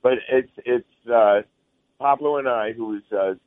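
A man's voice: mid-range voice, unhurried. A male musician being interviewed, talking in a rambling, friendly way, heard over a phone line. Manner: rambling, friendly, says "man" often. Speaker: guest musician.

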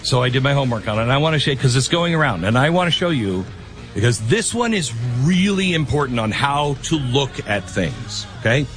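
A middle-pitched male radio host chats his way through a monologue, full of ums, restarts and wry sarcastic asides. A faint music bed sits low beneath him. The delivery is loose and conversational. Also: expressive, brisk, a bit bright. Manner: rambling, chatty, sarcastic asides. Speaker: radio talk show host.

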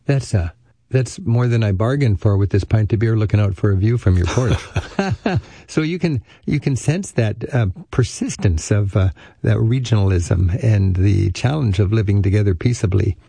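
A man's voice: lowish voice, expressive, moderate pace, vocal fry, mellow, husky, no room sound. A man hosting a travel radio show, chatting with a guest in an enthusiastic, rambling way, with a dry studio sound and faint music. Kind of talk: conversational radio interview.

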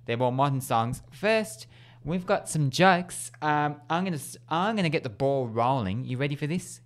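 A man's voice: fairly high pitch, expressive, moderate pace. A man hosting a radio show in casual chat, laughing often and stumbling over words. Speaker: radio host.

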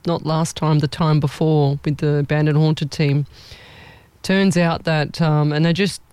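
A male psychic medium chats his way through a live reading, rambling and poking fun at himself. His voice sits a little high, recorded dry and close with no room sound. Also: level tone, measured pace, smooth, no room sound. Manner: chatty, rambling, self-mocking with frequent laughs; warm familiar address.

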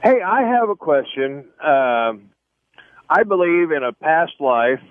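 A man's voice: on the high side, very animated, slow pace, no echo. Guy calling in, wry about his luck, thin phone sound. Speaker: caller. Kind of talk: radio call-in question. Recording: phone line.

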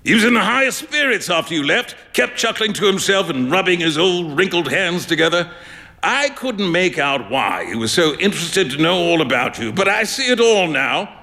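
A man doing a booming, teasing gentleman. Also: very animated, normal speed, big-room sound, full character voice. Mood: amused. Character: hearty, mocking male artist friend.

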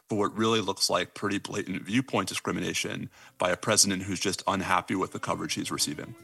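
A man giving measured, explanatory legal analysis as a guest in a radio news interview. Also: low voice, gravelly, sharp tone, breathy edge, no echo.

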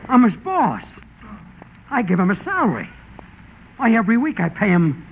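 A man acting in a 1940s radio comedy with a wry, easygoing, deadpan manner. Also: sits high, moderate pace, long pauses. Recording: hissy lo-fi old radio broadcast.

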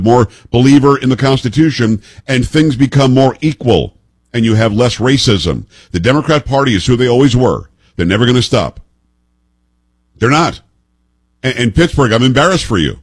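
A man's voice: mid-range voice, animated, a little fast, dry recording. A man in his fifties hosting political commentary, emphatic and sarcastic, firing off pointed rhetorical questions. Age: 50s.

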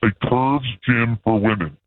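A man's voice: medium pitch, unhurried, dry recording, narrow, tinny audio, close to an everyday voice. A man playing a smug, mysterious male crook who phones into a radio show in a comedic bit, talking in a sly, teasing, boastful way. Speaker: prank caller on a radio show.

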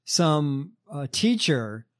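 A man's voice: fairly high pitch, big pitch swings, very slow. A man hosting a podcast in casual chat, laid-back and profane, with lots of fillers. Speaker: podcast host.

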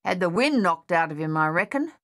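A woman voicing a steady, practical male soldier who speaks plainly and loudly, in an audiobook. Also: high-pitched, a little fast, dry recording, studio quality. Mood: urgent. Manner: loud, plain-spoken.

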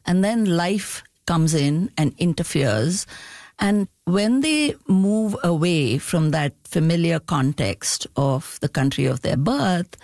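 A middle-aged woman speaks with a lowish voice, taking her time as a novelist reflecting in an interview. She laughs easily between thoughts. The sound is close and dry. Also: animated, darkish tone, no echo. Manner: thoughtful, unhurried, laughs often while talking.

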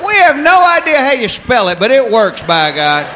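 A man from Georgia with a Southern accent, doing stand-up comedy as an animated, drawling storyteller who hollers his punchlines. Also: very high voice, normal speed. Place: large live venue with audience. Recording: live hall with crowd and noise.

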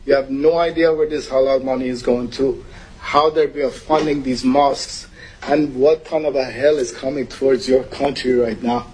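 A man's voice: medium pitch, fairly even intonation, normal speed, a little mellow, a little hiss or hum, poor audio. A man from Iran giving an urgent, emotional public comment at a meeting.

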